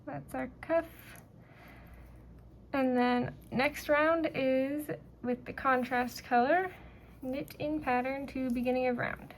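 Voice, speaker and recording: A woman teaching a knitting pattern step by step, talking in a relaxed way with fillers and pauses as she works. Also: high voice, slight background noise. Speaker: knitting instructor. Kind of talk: step-by-step craft tutorial.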